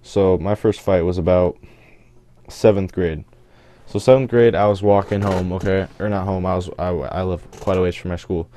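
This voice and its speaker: A man's voice: low voice, steady tone, moderate pace, warm tone, slight background noise. A teenage boy telling a rambling story over gameplay footage, often correcting himself as he goes. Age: teens. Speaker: gaming channel host.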